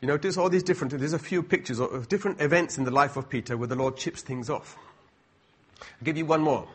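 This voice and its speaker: A man's voice: a little high, quick pace, husky. A middle-aged man preaching a sermon in a conversational way, full of asides and rhetorical questions.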